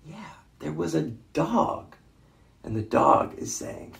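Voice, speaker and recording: Male storytime reader, very gravelly voice, lively sing-song pitch, roomy echo. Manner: slow, expressive, prompts listeners to join in with animal sounds. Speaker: literacy educator reading to children. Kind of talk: interactive picture-book read-aloud.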